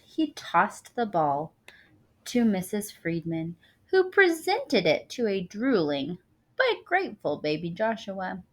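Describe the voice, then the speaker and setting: A woman reading a picture book aloud with lively expression, dropping casual asides to her listeners. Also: mid-range voice, slow. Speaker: storyteller.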